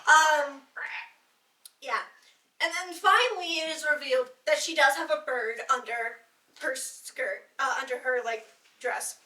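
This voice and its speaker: Unhurried and bright, a high-voiced woman tells jokes casually and live at a bardic circle, giggling through them and rambling with fillers. Listeners fill the indoor gathering room, and her voice carries from a distance with a roomy echo.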